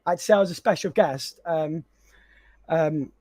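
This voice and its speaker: A high-pitched man chatting on a podcast, telling a story with lots of energy, laughing between lines and restarting his sentences. The sound is close and dry, with no room echo. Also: a little slow. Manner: animated storyteller, laughs often, many restarts. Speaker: podcast co-host and content creator. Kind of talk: casual chat.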